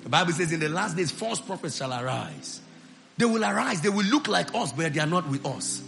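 A male pastor preaching a sermon to his church, rising into loud shouted declarations of prayer. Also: fairly high pitch, lively intonation, fairly quick, creaky.

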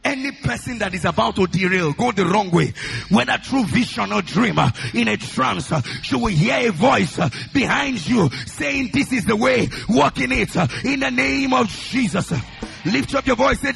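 A man preaching as a pastor, leading loud prayer with fervent, repeated declarations, each phrase often opened with "uh". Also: high-pitched, lively intonation, moderate pace, creaky, soft background music. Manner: repeats lines in a rhythmic chant. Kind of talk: sermon and loud congregational prayer.

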